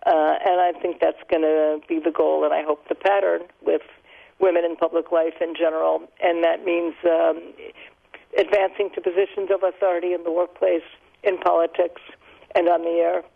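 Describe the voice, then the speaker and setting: Older woman with a gravelly voice over the phone. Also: fairly low pitch, level tone, moderate pace. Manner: thoughtful, explanatory, laughs lightly. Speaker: linguist guest. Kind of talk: radio interview answers. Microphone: telephone. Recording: phone-line audio.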